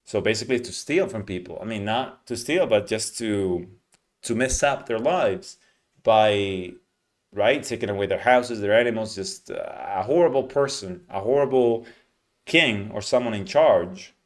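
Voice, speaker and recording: A man teaching English pronunciation, explaining patiently and modeling words slowly with clear stress. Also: lowish voice. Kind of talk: teaching lesson, explaining reading aloud.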